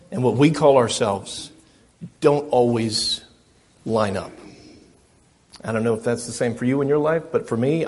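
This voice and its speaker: A man's voice: mid-range voice, darkish tone, husky. A middle-aged man preaching a sermon as a pastor, earnest and self-deprecating, often repeating his phrases.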